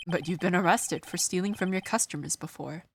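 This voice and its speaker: A woman reading the lines of an earnest young male defense lawyer in a steady, measured voice. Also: fairly low pitch, slightly rough, pitched below the performer's own voice. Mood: firm. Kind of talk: reading a visual novel aloud.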